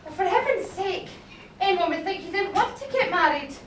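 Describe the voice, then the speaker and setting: A woman playing a high-voiced teasing servant. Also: lively intonation, moderate pace. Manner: teasing and prying. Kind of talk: amateur stage play. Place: theatre stage. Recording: echoey hall from far off, noisy VHS tape.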